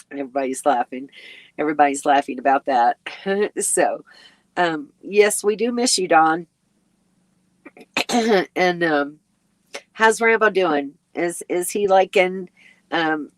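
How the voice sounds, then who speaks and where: A woman with a fairly low voice chats through a casual live stream. She reads viewer comments aloud and rambles along with plenty of ums and small laughs. She sounds sleepy, and her voice comes across dry and close, with no room echo. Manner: chatty and rambling, with frequent ums and little laughs. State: sleepy and yawning. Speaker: RV travel vlogger hosting a live chat.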